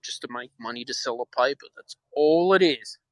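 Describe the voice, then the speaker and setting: A man's voice: mid-range voice, fairly quick, a bit bright, dry recording, low-quality recording. An Australian man hosting a podcast alone, rambling in frustration and repeating himself. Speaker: podcast host. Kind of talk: solo opinion talk.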